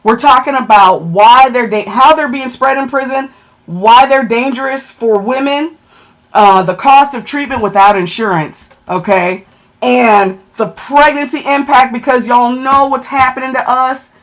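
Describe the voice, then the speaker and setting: Gushing excited woman livestreamer. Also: high-pitched, measured pace. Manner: excitable and emotional, gushing over gifts and rankings. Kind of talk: casual livestream chat thanking viewers for gifts.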